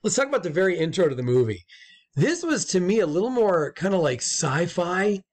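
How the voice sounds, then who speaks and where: A man's voice: sits high, fairly quick. A man co-hosting a casual movie chat, rambling and profane, tripping over repeated words. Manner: loose, profane, rambling with restarts; stumbling repeats when excited. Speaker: co-host.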